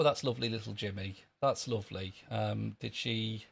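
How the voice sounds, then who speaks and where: Gravelly sardonic streamer man. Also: on the low side, steady tone, moderate pace, hardly any pauses. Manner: dry, sardonic, joking. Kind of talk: casual live-stream chat. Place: outdoors in a long queue.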